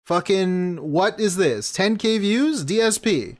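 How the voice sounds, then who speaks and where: A man's voice: high voice, animated, slow. A man streaming a reaction, ranting angrily and swearing at the clip he is watching. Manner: angry, swearing, mocking rants. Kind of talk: profane reaction commentary.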